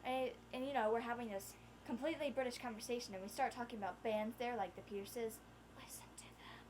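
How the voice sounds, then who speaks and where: A teenage girl vlogging with a friend, chatting casually and chiming in with quick asides. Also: fairly high pitch, fairly even intonation, a little mellow, a little hiss or hum. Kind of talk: casual storytelling chat.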